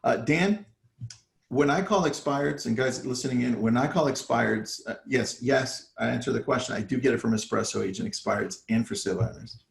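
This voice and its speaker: A man's voice: mid-range voice, brisk, gravelly, roomy sound. A man coaching real estate agents in a casual live talk, acting out his phone calls with sellers. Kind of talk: live online training talk.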